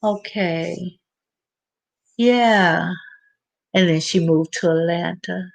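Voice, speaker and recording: A woman's voice: lowish voice, drawn-out words, creaky. A middle-aged woman hosting her own channel, chatting casually and rambling with many restarts. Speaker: channel host. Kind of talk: casual livestream chat.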